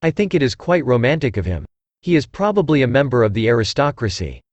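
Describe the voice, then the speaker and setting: A man's voice: mid-range voice, sing-song, fast talker, dry recording, muffled recording. A synthesized male voice reading the lines of a placid, vain middle-aged mother who was once an actress, in genteel, complacent speech, as in an audiobook.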